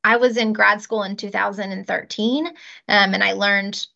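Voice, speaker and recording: A woman's voice: mid-range voice, fairly even intonation, moderate pace, vocal fry, pushed and bright, muffled recording. A woman in her thirties, a child life specialist, explaining practical techniques step by step in an interview. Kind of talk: podcast interview.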